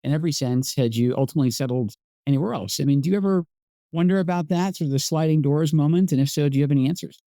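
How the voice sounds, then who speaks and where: A middle-aged man from Scotland hosting a podcast interview, thoughtful and self-deprecating in a relaxed conversational way. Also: fairly high pitch, rapid-fire, dry recording. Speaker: podcast host.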